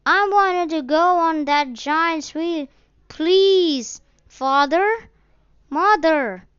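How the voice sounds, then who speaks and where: A woman reading a story aloud and voicing a small lost boy who calls high and loud for his mother and father. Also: drawn-out words, no echo, lo-fi sound, heavily acted. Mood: pleading. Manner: high pleading cries. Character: frightened little boy lost at a fair.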